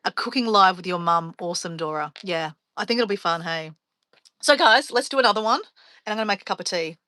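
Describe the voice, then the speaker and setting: Bright, chatty woman live streaming. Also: mid-range voice, animated, fast talker, dry recording. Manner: chatty, rambling storyteller, laughs often. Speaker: travel vlogger hosting a live stream. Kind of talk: casual live stream chat.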